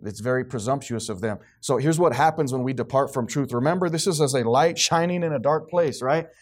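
A man's voice: mid-range voice, brisk. A man preaching a sermon to a congregation, acting out the voices of the people he quotes. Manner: animated, acts out quoted voices, responsive amens from congregation.

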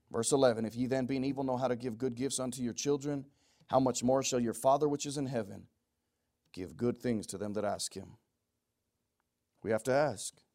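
A man preaches an impassioned sermon in a mid-range voice. He drops to quiet, pleading tones, then rises to loud, shouted passages. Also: medium pitch.

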